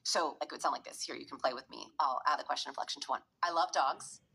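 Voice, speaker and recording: A woman's voice: a bass voice, fairly even intonation, rapid-fire, gravelly, sharp tone, breathy edge, low-quality recording. A woman researching behavior, explaining her findings in an interview and acting out examples as she goes. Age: adult parent. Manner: demonstrates examples by acting out voices.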